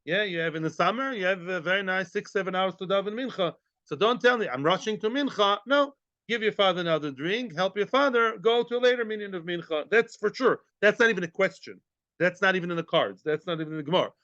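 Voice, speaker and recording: A man teaches a daily Talmud class in a high, pushed, bright voice, speaking quickly with lively intonation. He explains in English peppered with Hebrew and Yiddish terms and quizzes the class. The recording is dry, dull and lo-fi with no echo.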